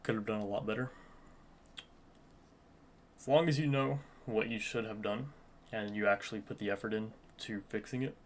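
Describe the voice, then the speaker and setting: A man's voice: on the low side, moderate pace, long pauses, a little hiss or hum. A young man talking through his day trading in an earnest, reflective vlog, coaching himself and the viewer and repeating phrases for emphasis. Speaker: day trader vlogger.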